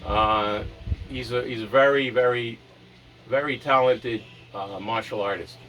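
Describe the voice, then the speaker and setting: A man's voice: mid-range voice, fairly even intonation, measured pace, bright, forceful tone, distant mic, slight background noise. A man from Rhode Island vlogging at home in a rambling, casual chat, often talking to his dog.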